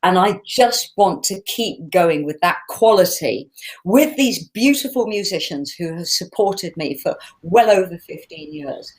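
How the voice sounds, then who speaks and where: A woman in her sixties, a singer chatting casually through a fan Q&A, lively and laughing as she tells stories. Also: fairly low pitch, poor audio. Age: 60s. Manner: chatty, animated and laughing when telling stories. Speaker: singer hosting a live Q&A. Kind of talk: casual chat answering fan questions.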